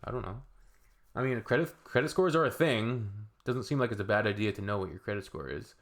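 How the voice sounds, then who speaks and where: A man from Canada giving casual reaction commentary, rambling with halting restarts and blunt asides. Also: fairly low pitch. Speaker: reaction video creator.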